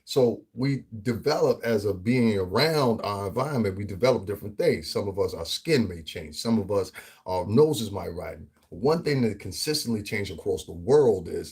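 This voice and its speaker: A man from the Northeastern United States giving a casual, profane commentary rant as a vlogger, animated and often laughing. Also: fairly low pitch, breathy edge.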